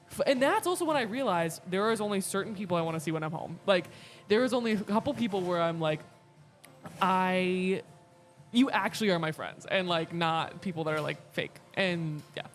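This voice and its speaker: A woman's voice: lowish voice, fairly quick, faint music behind. A young adult woman co-hosting a casual podcast chat, rambling and peppering her talk with fillers. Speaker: podcast co-host.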